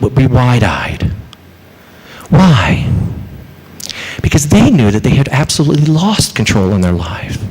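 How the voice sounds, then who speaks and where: A man preaches a sermon from the pulpit, his pitch rising and falling in a lively, animated way. He fires off rhetorical questions and acts out little quoted asides. His voice rings out with a long hall reverb around it. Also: breathy edge. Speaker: pastor. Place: church sanctuary.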